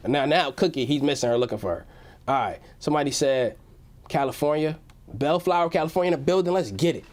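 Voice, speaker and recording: A man's voice: fairly high pitch, darkish tone. A young man hosting a casual livestream from home, hyped and slangy, reading out chat messages. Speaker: livestream host.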